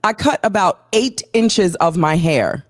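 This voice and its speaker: A woman co-hosting a casual live-stream show, venting in an irritated way and swearing freely on a boom mic at home. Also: expressive, unhurried, dry recording, clean studio sound. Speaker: co-host.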